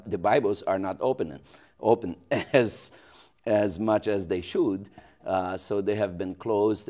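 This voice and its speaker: Pastor, male, Brazilian Portuguese accent, very low voice, halting interview speech. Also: a little mellow. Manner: hesitant, many restarts and fillers. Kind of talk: local TV interview.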